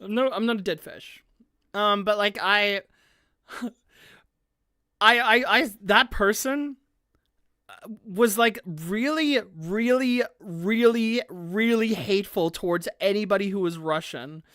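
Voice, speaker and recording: A woman talking casually to her live-stream audience. She rambles, leans on "like" again and again, and breaks into laughter often. Her voice sits at an ordinary pitch and is recorded dry on a close mic. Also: takes it slowly, long pauses, a bit bright, dry recording. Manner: rambling, heavy use of "like" fillers, frequent laughter.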